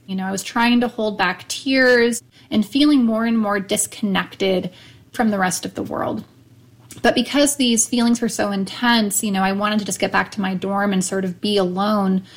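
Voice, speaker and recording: Woman recalling a hard moment, earnest. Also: mid-range voice. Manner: reflective, earnest, halting. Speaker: interviewee telling a personal story. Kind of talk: first-person recollection.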